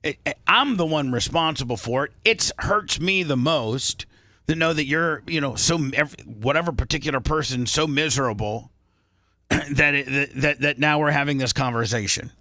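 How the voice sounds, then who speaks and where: A man's voice: a little high, normal speed, sharp tone, no room sound. A male radio show host lecturing a co-host on air, defensive and full of restarts.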